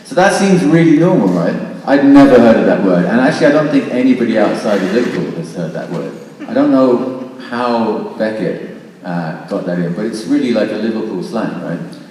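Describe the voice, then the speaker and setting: Panel speaker, man, animated storyteller, distant mic, heavy room echo. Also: on the low side, normal speed, slight background noise. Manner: chatty, animated storytelling with asides. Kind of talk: discussion talk to an audience. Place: lecture room. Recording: echoey hall from far off.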